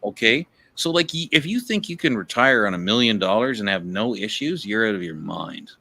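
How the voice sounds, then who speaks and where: A man's voice: fairly low pitch, sing-song, brisk, creaky, bright, forceful tone. A man in a casual livestream chat, speaking frankly and ruefully, with profanity.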